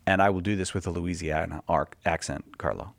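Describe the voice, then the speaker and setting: A man's voice: sits low, brisk, vocal fry, no room sound. A man hosting a radio call-in show, joking and bantering as he reads out listener questions. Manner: jokey, animated banter.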